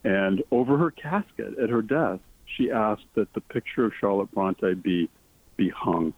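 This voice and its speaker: A husky, fairly low-voiced man speaks over a tinny phone line as an interview guest. He talks earnestly and with enthusiasm, and his pitch leaps on key words. The sound is dry and thin. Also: a little slow, no echo. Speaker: author guest. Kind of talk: interview conversation.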